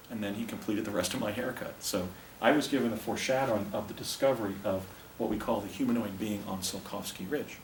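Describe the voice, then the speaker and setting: A man in his fifties with a low voice lectures to a room, rambling through long, detailed stories. He sounds far from the mic, in a roomy hotel meeting space with a faint background hiss. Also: quick pace. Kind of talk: public lecture.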